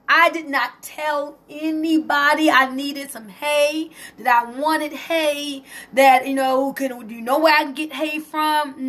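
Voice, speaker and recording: A woman hosting a casual live stream, excited and emotional as she talks to viewers and reads their comments aloud. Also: high-pitched. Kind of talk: casual Facebook Live testimony.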